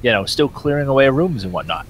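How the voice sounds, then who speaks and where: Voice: mid-range voice, big pitch swings, fast talker, a little hiss or hum. A player in a tabletop game chatting casually about the group's plans. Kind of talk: casual chat.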